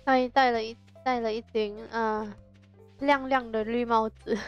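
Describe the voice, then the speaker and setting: A woman's voice: fairly high pitch, steady tone, a little slow, smooth, dull audio, faint music behind. A young woman streaming a farming game with a friend, chatting casually and giggling a lot, dropping in Chinese words now and then. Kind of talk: casual gaming chat.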